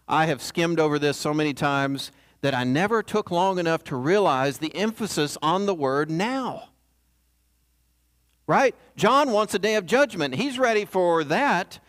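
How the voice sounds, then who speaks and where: Conversational, fairly high-voiced male preacher. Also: fairly bright tone. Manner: conversational, asks the congregation "right?". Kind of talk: sermon.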